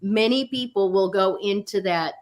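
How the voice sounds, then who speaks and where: A woman's voice: mid-range voice, normal speed, darkish tone. A middle-aged woman co-hosting a spiritual talk show, telling a personal story in a candid, casual way with frequent fillers and the odd swear word.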